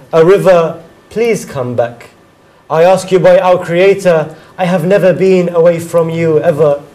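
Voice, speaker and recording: A man with a fairly high voice recites a sorrowful elegy in a slow, mournful cadence, circling back again and again to its refrains. His delivery swells and sinks as the grief of the verses builds. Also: a little mellow, low-quality recording.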